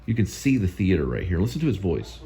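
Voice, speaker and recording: A man's voice: sits low, big pitch swings, quick pace, mellow. A male host giving casual, rambling film commentary that often repeats itself.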